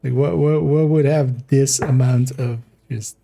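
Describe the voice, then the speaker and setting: A man's voice: mid-range voice, fairly even intonation, a little slow, gravelly, dark tone, faint music behind. A man streaming a video game, giving casual, rambling commentary with sarcastic asides.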